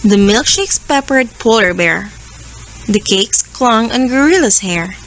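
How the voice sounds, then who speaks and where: A woman with a Filipino accent, a teacher reading a children's story aloud with expressive animal voices. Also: on the high side, unhurried, a little hiss or hum, low-quality recording. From Philippines.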